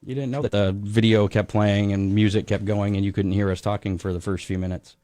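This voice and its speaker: A man's voice: on the low side, flat delivery, a little fast, warm tone, no room sound. A man co-hosting a racing talk show, chatting casually with plenty of fillers. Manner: chatty and upbeat, lots of fillers. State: a little out of breath. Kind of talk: casual radio show chat.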